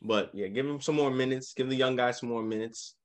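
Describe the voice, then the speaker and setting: A man co-hosting a casual sports podcast, walking through game recaps with lively emphasis. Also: mid-range voice, brisk. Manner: animated, leads the game recaps. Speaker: podcast co-host.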